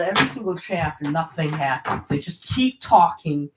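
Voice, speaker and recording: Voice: medium pitch, expressive, normal speed, few pauses, fairly bright tone, reverberant. Young reader, stumbling and sarcastic. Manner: stumbles on names, many fillers, sarcastic. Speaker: student reader. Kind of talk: reading aloud then casual summary.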